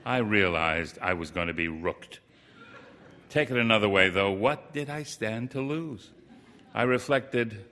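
A man's voice: lowish voice, a little slow, sharp tone. A man reading a first-person story aloud in a plain, wry, rueful storytelling manner.

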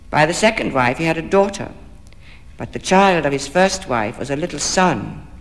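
A man's voice: on the high side, fairly bright tone. Male storyteller in a reverberant hall. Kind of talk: fairy-tale reading aloud.

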